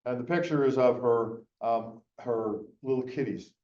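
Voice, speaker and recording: Speaking at a measured pace with a medium-pitched voice, a middle-aged man delivers a conference keynote loosely, stumbling over fillers and restarting sentences. It was recorded from afar in an echoey room, so the sound is muffled.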